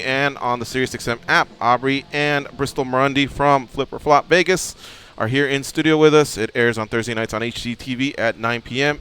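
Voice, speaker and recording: A man's voice: mid-range voice, a bit bright, clear, resonant tone. A man hosting a radio talk show from the studio, reading promos and joking with his guests. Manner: fast and joking. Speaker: radio host.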